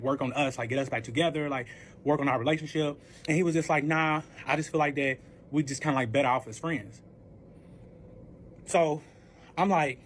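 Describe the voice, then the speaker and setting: A man's voice: on the high side, fairly bright tone, a little hiss or hum. A man telling a personal story in a casual storytime, swearing freely, packing in filler words and acting out both sides of the dialogue. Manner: profane, with heavy filler words.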